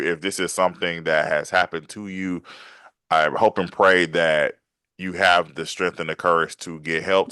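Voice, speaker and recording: A man hosting a casual interview podcast, animated and laughing easily, often repeating his phrases. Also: low voice, smooth, no echo. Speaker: podcast host and writer.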